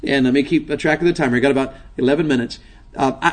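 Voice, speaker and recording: A middle-aged man preaching a sermon to a men's session. He moves from quiet, probing questions to loud, emphatic, driving delivery. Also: medium pitch, very fast.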